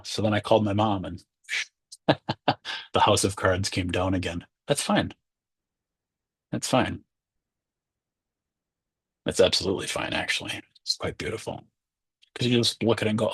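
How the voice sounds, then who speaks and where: A man's voice: lowish voice, normal speed, long pauses, a bit bright, slightly rough, no room sound. A man, a Zen teacher, giving a conversational dharma talk and acting out inner voices.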